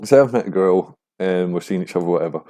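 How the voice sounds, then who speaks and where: A young man hosting a podcast, rambling casually and swearing, getting animated when he mimics other people. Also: sits low, fast. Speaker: podcast host. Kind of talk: casual monologue.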